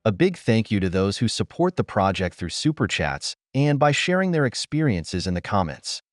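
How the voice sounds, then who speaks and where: A man's voice: fairly low pitch, very animated, normal speed, dry recording, studio quality. A man hosting and narrating a scripted voice-over, preaching directly to male viewers. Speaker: host and narrator.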